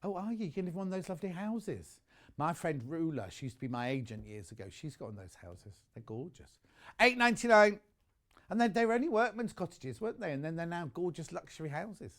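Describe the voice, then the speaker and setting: A man's voice: on the high side, sing-song, quick pace. A British man presenting live on a shopping channel, chatty and rambling as he sells sewing goods. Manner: chatty, rambling, reads out viewer messages.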